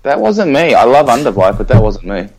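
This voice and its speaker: A man's voice: mid-range voice, sing-song, a little fast, crowd noise, rough recording. A man co-hosting a casual podcast, ranting in an exasperated way and swearing now and then. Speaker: podcast co-host. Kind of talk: casual chat.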